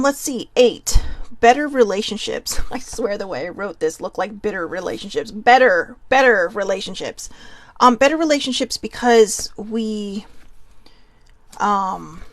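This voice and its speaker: A woman's voice: medium pitch, dry recording. Goofy, chatty woman hosting a talk. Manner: goofy, chatty, laughs often. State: a little nervous. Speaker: podcast host. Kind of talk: casual self-help talk.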